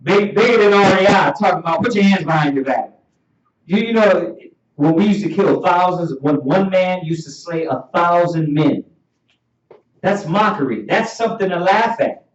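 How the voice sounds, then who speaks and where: A man teaching a Bible class in an animated preaching style, laughing often and calling for each verse to be read. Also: high voice, moderate pace. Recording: dull echoey room audio from far off.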